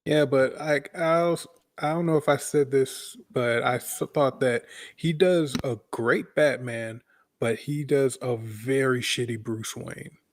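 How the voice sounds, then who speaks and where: Slow, hesitant man discussing a film. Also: medium pitch, steady tone. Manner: hesitant, halting. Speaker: podcast co-host. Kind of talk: casual movie discussion.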